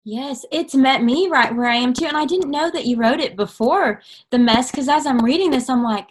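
A woman's voice: sits high, lively intonation, normal speed. A woman hosting a faith-based interview, affirming her guest and asking reflective questions. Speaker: host.

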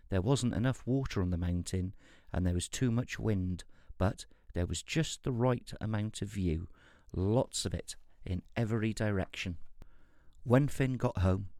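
A man reading a fairy tale aloud in a wry, unhurried storyteller's manner. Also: fairly low pitch, a little mellow, dry recording, studio quality. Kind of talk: storybook narration.

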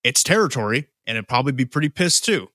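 A man's voice: medium pitch, animated, fast, pushed and bright, no echo, studio quality. A man co-hosting a podcast in casual, profane, joking chat, leading the conversation on the topic. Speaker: podcast co-host.

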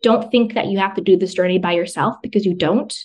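A woman's voice: mid-range voice, fast, a little mellow, slightly rough. A woman guest on a podcast, talking earnestly about self-love and often repeating phrases for emphasis. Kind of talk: conversational self-help advice.

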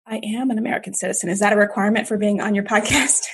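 A middle-aged woman from Jamaica, raised in America and speaking like an American, talking as a podcast guest in a lively, self-deprecating way with frequent laughs. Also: medium pitch, rapid-fire, husky. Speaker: podcast guest, comedian and author. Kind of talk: casual interview conversation.

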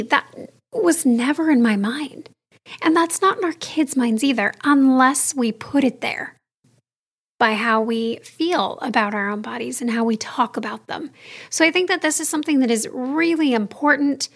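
A high-voiced woman in her thirties hosts her own podcast alone. She speaks candidly and chattily, straight to her listeners, as if confiding in friends. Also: normal speed, slightly rough. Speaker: podcast host. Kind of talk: solo podcast monologue.

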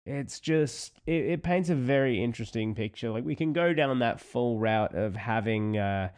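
An Australian man co-hosting a casual film review chat, animated and wry. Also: mid-range voice, moderate pace, clear, resonant tone. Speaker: podcast co-host.

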